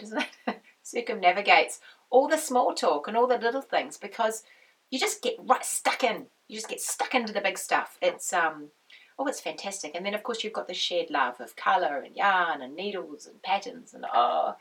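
Chatty, croaky New woman. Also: lowish voice, fairly bright tone, distant mic, rough recording. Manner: chatty, rambling, goes off on tangents. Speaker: knitting podcast host. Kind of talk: casual chat to camera.

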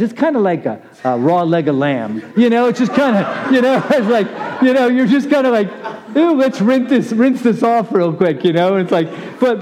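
Warm-toned chatty man preaching. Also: sits high. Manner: chatty, laughs, calls on listeners by name. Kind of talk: casual conversational sermon. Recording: muffled lo-fi recording.

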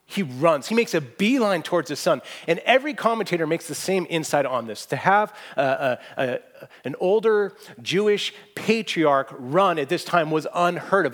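A man preaching a sermon to a room, earnest and emphatic, climbing to strong peaks and dropping to soft, hushed asides. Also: high voice. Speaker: pastor. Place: church hall with audience.

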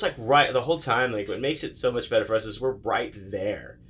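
A man's voice: medium pitch, normal speed, a bit bright, slightly rough. A young man casually telling a profane story, loosely acting out the voices of the people in it.

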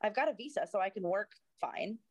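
Woman, thirties, american, casual chat, animated, swears, dry close mic. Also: mid-range voice, brisk, breathy edge, no echo. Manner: animated, swears freely, mimics voices. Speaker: actor.

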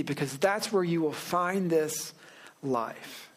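A man's voice: a little high, a bit bright. Man preaching a casual sermon. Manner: conversational and joking, slowing down on key phrases. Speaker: pastor. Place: church sanctuary.

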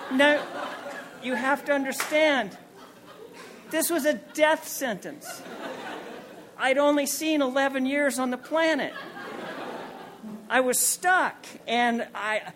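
A man's voice: very high voice, takes it slowly, pauses often, crowd noise. A man in his forties telling a comic, self-mocking personal story on stage at a story night, acting out the people in it. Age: 40s.

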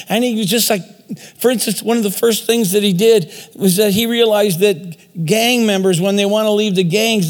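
A man with a high, gravelly voice preaching in a big hall, his words trailing in long reverb. He tells a story and then presses his listeners with rhetorical questions. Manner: storytelling with rhetorical questions, self-deprecating asides. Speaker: speaker. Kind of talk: sermon.

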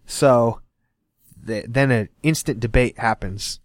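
A young man talks through a comic storyline in a loose, casual chat. He gets animated and jumps into the characters' lines as he retells the plot. His voice is close and dry, with no room around it. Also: medium pitch, slow, no echo. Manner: animated, acts out characters' lines while recapping.

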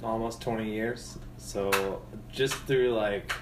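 A man's voice: on the low side, fairly even intonation, takes it slowly, reverberant, noisy background. A man in casual chat who talks bluntly and swears freely.

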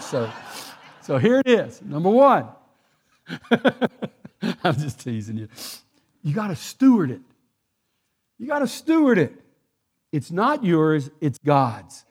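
Folksy Texan preacher, lively voice. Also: male voice, on the high side, moderate pace, pauses often. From Texas. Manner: folksy, joking asides, emphatic repetition. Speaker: pastor. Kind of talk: sermon. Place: church sanctuary.

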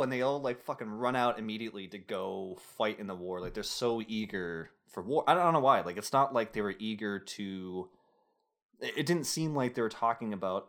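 Summarizing a film on his casual podcast, a young host speaks briskly in a voice on the low side, with lively intonation and a fairly bright tone. His chat rambles with filler-heavy asides and jokes.

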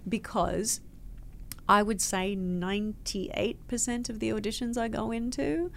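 A woman's voice: a little high, fairly even intonation, unhurried, creaky, a bit bright, a little hiss or hum. An Australian woman in a casual interview, telling her story expressively with big swings in emphasis. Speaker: guest actor.

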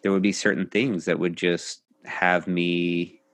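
A man with a low, deep voice talks in a reflective, measured way, pausing often as he thinks aloud. His voice is close and dry, with no room sound. He speaks as a coach hosting a casual podcast conversation. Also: level tone, fairly bright tone, no echo. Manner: reflective, measured, many pauses and fillers. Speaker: coach and host.

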